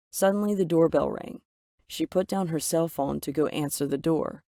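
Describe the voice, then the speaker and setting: Brief: woman narrator for an animated story, emotive delivery, dry booth sound. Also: deep voice, moderate pace, no room sound. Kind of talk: scripted first-person story narration.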